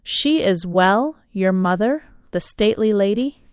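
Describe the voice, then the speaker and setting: A woman voicing an alluring, teasing foreign lady who speaks slowly and lingeringly. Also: medium pitch, expressive, smooth, dry recording, studio quality, lightly acted. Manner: slow, lingering, playfully seductive.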